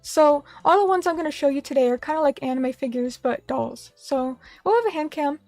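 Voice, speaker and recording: A woman's voice: high-pitched, fairly quick, a little mellow, no room sound, soft background music. A young woman streaming, chatting casually with viewers and reading their comments in a rambling, self-deprecating way. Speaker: vtuber streamer. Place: small room at a little table.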